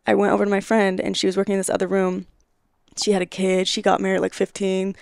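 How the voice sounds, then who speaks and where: Woman, 20s, podcast guest, casual storytelling, animated, laughs often, smooth clear voice, dry close sound. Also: medium pitch, quick pace, dry recording. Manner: animated, laughs often, acts out quoted dialogue.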